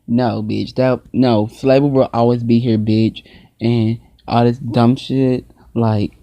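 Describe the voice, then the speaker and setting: A man's voice: mid-range voice, little pitch movement, slow, dark tone, no echo. A man hosting a casual reaction video, talking back at a clip with profane mock outrage.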